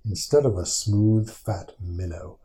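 A man reading a picture book aloud to his small child at bedtime, gentle and patient, stopping to answer questions. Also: fairly low pitch, a little slow. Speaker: father reading a bedtime story.

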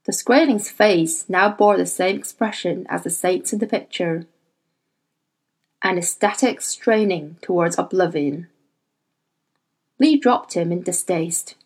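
A woman reading a novel aloud as audiobook narrator, measured and expressive. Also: lowish voice, rough recording. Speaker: audiobook reader. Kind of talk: scripted narration.

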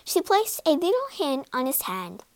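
A woman narrating a children's storybook in an expressive, dramatic way. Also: sits high, normal speed, no echo.

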